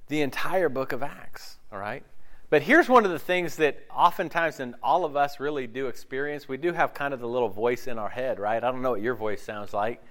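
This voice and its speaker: A man's voice: mid-range voice, fairly quick, a bit bright. A man preaching a sermon in a conversational way, often asking his listeners questions and acting out the voices in their heads. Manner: conversational, asks the audience often; acts out inner voices in quotes. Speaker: pastor.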